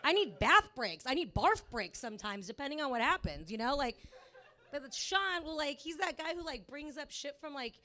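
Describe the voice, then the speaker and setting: A woman doing stand-up on a club stage. Her voice is high and swings up and down a lot. She chats with the crowd, full of "like" and casual swearing. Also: big pitch swings, moderate pace, pushed and bright. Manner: chatty, with lots of "like" and cursing. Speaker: stand-up comedian. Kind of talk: stand-up set.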